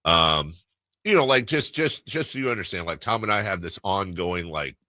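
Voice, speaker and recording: A man's voice: sits low, animated, normal speed, pushed and bright, no room sound. A man hosting a sports radio talk show, telling a rambling story in casual chat with many restarts. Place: radio studio.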